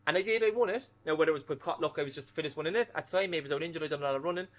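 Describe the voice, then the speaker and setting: A man, a former footballer telling animated stories in a casual interview and swearing freely. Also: a little high, racing.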